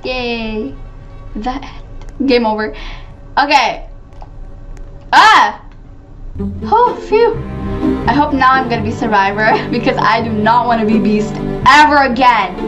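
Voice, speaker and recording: Excitable high-voiced woman gaming. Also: measured pace, dull audio, over music. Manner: excitable, gasping and shrieking at scares; chatty, talks to viewers as "guys". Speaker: gaming channel host. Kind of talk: playing a video game with live commentary.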